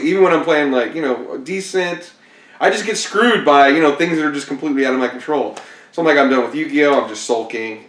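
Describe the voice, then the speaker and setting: A man casually telling stories about his card game tournaments, laid-back and self-deprecating, laughing often. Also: mid-range voice. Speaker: competitive card game player. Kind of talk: casual storytelling interview. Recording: roomy echo, mic at a distance.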